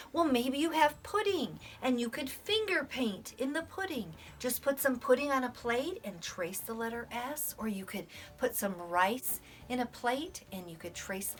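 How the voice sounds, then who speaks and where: A middle-aged woman teaching young children, animated and sing-song, sometimes dropping to soft whispers. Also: high-pitched. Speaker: preschool teacher. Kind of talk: children's lesson and storybook read-aloud.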